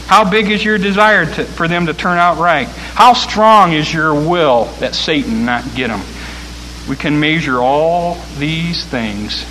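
Man, preacher, sermon, bright ringing voice, faint hiss behind. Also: on the high side, rough recording. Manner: builds from calm to loud preaching.

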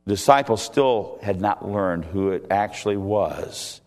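A male pastor preaching an expository sermon to a congregation, with expressive, emphatic delivery that builds to loud peaks. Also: fairly low pitch, measured pace. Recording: reverberant hall sound.

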